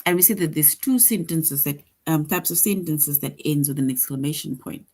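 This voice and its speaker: A woman teacher giving an online lesson to second graders, slowly reading example sentences aloud and explaining each one. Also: low voice, dark tone, slightly rough. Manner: slow, deliberate, reads example sentences aloud.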